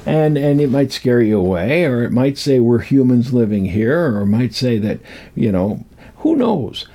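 A man's voice: medium pitch, very animated, moderate pace, dark tone. A man in his sixties telling folklore in a rambling, chuckling way, acting out voices as he goes. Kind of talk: casual storytelling talk.

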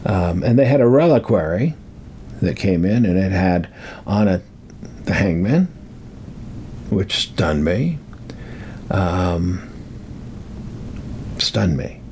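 A man's voice: low voice, animated, takes it slowly, long pauses, a little mellow, a little hiss or hum. An older man telling a rambling personal story, repeating words for emphasis. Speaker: speaker on metaphysics.

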